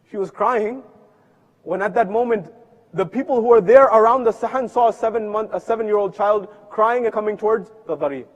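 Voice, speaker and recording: A male preacher telling a story in a sermon, voicing its people and swinging from loud to hushed. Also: sits high, animated, a little fast, lo-fi sound. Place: mosque hall. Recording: long hall reverb from a live stream.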